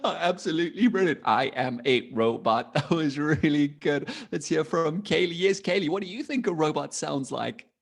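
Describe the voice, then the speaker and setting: A man's voice: moderate pace, vocal fry, few pauses. Upbeat man teaching kids online. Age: adult. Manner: upbeat, encouraging, with playful pitch jumps. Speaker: coding teacher. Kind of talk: live online lesson for young children.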